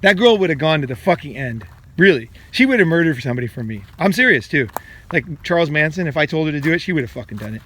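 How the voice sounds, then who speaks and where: Casting: middle-aged male host, slightly high voice, crude and rambling, faint background hiss. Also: very animated, fast, fairly bright tone. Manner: crude, blunt, rambling, swears often. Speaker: podcast host giving dating advice. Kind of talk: casual monologue.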